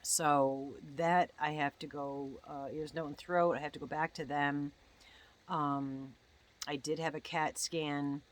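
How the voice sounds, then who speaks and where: A woman's voice: deep voice, little pitch movement, slow. A woman in her sixties, a crochet vlogger, rambling in casual chat at home and often breaking off her own sentences. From United States. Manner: chatty, meandering, self-interrupting.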